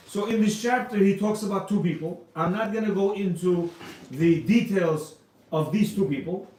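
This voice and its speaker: A man with a fairly high voice gives a casual religious lecture to a live audience. He asks rhetorical questions and keeps slipping into other people's voices. He sounds distant from the mic, and the hall echoes. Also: darkish tone, a little hiss or hum. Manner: conversational, rhetorical questions, acts out quoted speech. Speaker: rabbi giving a Torah class. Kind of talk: informal Torah lecture to men. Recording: roomy echo, distant mic.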